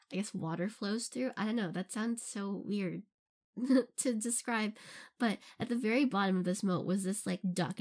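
A woman's voice: mid-range voice, darkish tone. A young adult woman who creates audio content, answering listener questions in a casual, rambling way and laughing often between phrases. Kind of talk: casual Q&A chat.

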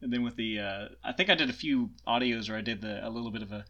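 A man's voice: mid-range voice, fast talker, sharp tone, dull audio. A man with a Southern US accent, chatting as a guest in a casual interview, self-deprecating and laughing often.

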